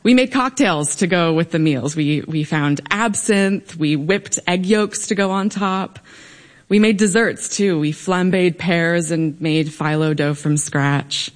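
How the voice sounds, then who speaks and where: A woman's voice: fairly low pitch, unhurried. Wry woman telling a stage story. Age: young adult. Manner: wry, humorous recounting. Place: stage before a live audience.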